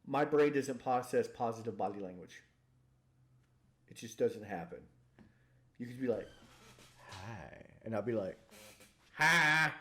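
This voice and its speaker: A man co-hosting a casual comedy chat, joking and acting out voices with deadpan punchlines. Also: mid-range voice, moderate pace, pauses often. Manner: jokey, acts out silly voices, deadpan punchlines. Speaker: podcast co-host.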